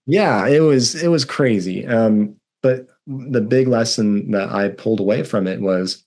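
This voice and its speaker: Earnest low-voiced man in his thirties. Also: a little slow, few pauses, a little mellow. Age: 30s. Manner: earnest and emphatic, reliving strong emotions. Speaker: guest. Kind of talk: candid conversational storytelling.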